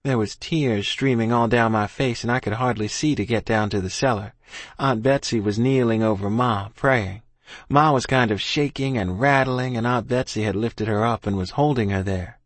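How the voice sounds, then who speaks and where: A man narrating a story in first person, in an earnest, steady manner. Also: mid-range voice, normal speed, no room sound. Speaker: audiobook narrator.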